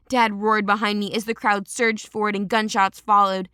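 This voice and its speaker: Woman reading an audiobook, dramatic first person, smooth resonant voice, totally dry sound. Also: medium pitch, moderate pace, hardly any pauses, no echo. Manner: steady dramatic storytelling. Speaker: audiobook narrator.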